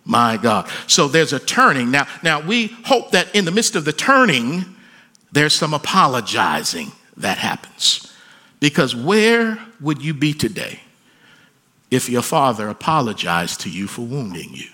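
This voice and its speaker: A man preaching a sermon, dropping to hushed pleading and then rising into loud, emphatic peaks. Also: medium pitch, sing-song, a little slow. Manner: swings from hushed pleading to soaring shouted emphasis. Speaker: pastor.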